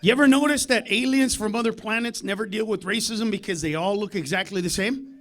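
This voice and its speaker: High-voiced, profane stand-up comedian. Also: male voice, fairly quick. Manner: loud, profane, confrontational with the crowd, swings from low mutter to shouting. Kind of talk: live stand-up routine. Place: comedy club stage.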